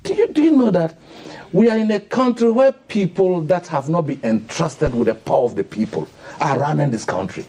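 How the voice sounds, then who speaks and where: An indignant Ghanaian man holds forth on a radio panel. His voice swings widely in pitch and has a mellow, slightly husky tone. He piles up rhetorical questions in a heated, impassioned way. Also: lively intonation, normal speed. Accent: Ghanaian English. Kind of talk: heated radio talk-show commentary. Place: radio studio.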